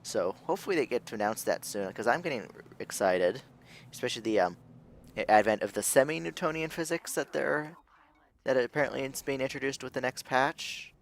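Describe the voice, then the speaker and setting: A man's voice: medium pitch, brisk, vocal fry. A young man giving casual, rambling let's-play commentary as a gaming video host, thinking aloud and restarting his sentences.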